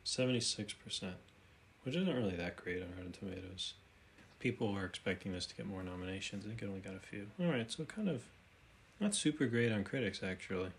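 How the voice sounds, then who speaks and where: Here the commentator's lowish voice has lively intonation and some vocal fry, and he talks a little fast. Browsing a website from his desk chair at home, he thinks aloud hesitantly with many fillers and restarts, now and then reading a plot summary before remarking on it. Slight background noise is audible.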